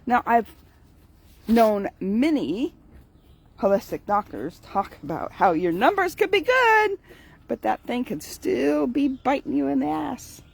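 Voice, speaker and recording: A tired older woman chats through her morning vlog in an unhurried way, drifting from one thought to the next. Her pitch swings up and down a lot as she talks, and she laughs easily between sentences. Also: big pitch swings, creaky, slightly rough. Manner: chatty, laughs often, digressive. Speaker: vlogger.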